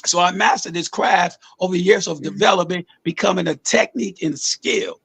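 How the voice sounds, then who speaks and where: A man's voice: high-pitched, brisk, creaky, fairly bright tone, slightly rough. A man, a music artist, talking loosely and at length about his songwriting in a casual interview, swearing often.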